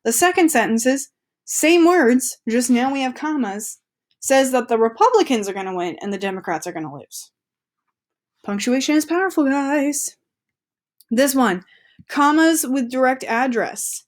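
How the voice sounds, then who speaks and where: A woman's voice: high-pitched, animated, normal speed. A woman teacher reading an article aloud to her students in a chatty, upbeat way with casual asides.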